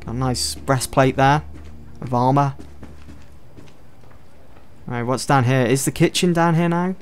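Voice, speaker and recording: A man's voice: medium pitch, a little slow, soft background music. A man giving casual let's-play commentary, chatting and thinking aloud as he explores. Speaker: gameplay commentator.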